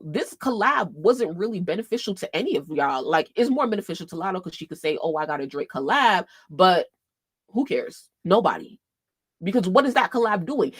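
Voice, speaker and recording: A woman talks through a casual livestream with a lively, wide-ranging pitch, jumping from loud, heated outbursts to quiet muttered asides. She swears freely and keeps a loose, chatty flow. The sound is close and dry, with no room around it. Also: dry recording. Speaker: livestream host.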